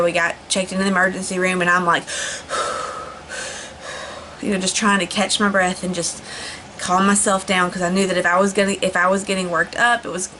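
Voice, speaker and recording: A woman's voice: fairly low pitch, sharp tone, a little hiss or hum, low-quality recording. A young woman chatting casually to camera, rambling with lots of fillers and restarts. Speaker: vlogger. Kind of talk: casual storytelling vlog.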